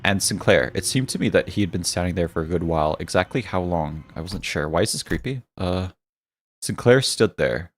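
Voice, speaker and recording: A man streaming a game, reading its story text aloud in a hushed, low-key voice with musing asides. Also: slight background noise.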